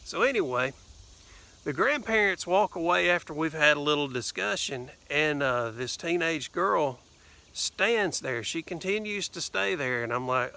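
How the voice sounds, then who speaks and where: A Southern man talks casually to his vlog viewers, meandering through a story with plenty of "uh" and "anyway." His voice is gravelly and fairly high for a man. It has a bright, forceful edge. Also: expressive, unhurried. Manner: rambling, lots of fillers and "anyway". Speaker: vlogger.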